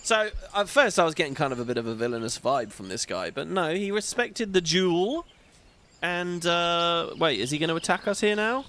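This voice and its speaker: A man's voice: fairly high pitch, sing-song, moderate pace, pushed and bright. A man hosting a gaming video, giving rambling, opinionated playthrough commentary. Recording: game music behind voice.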